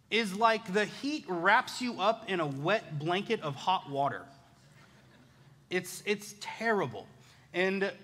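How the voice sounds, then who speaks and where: A man's voice: high voice, pushed and bright. A man in his thirties preaching a sermon as a pastor, telling stories in a casual, self-deprecating way. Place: church sanctuary. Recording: echoey church hall.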